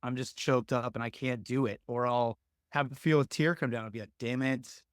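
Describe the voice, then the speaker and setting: A man's voice: mid-range voice, brisk, no room sound, clean studio sound. A young adult man telling coaching stories in casual podcast talk, earnest and rambling with many fillers. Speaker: lacrosse coach, podcast guest.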